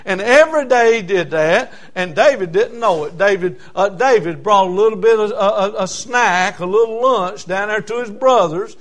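A man's voice: sits high, moderate pace, few pauses, fairly bright tone. A man with a Southern US accent preaching a folksy, fervent sermon, retelling a Bible story. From South Carolina.

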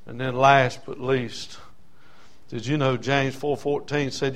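A man's voice: medium pitch, flat delivery, slow pace. An older man preaching a sermon, impassioned and folksy, building on rhythmic repetition.

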